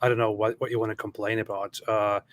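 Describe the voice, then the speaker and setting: A man's voice: lowish voice, flat delivery, fast. A man hosting casual commentary, heated and scornful, building into indignant outbursts.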